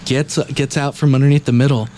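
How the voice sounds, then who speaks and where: A man's voice: mid-range voice, flat delivery, fairly quick, warm tone, a little hiss or hum. A man telling a long, rambling travel story in casual podcast chat, swearing heavily and acting out what people said. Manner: rambling, heavy swearing, acts out quotes.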